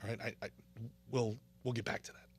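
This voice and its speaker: A man hosting a political commentary stream, ranting in a sarcastic, animated way and reading viewer comments. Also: medium pitch, fairly quick, slight background noise. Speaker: show host.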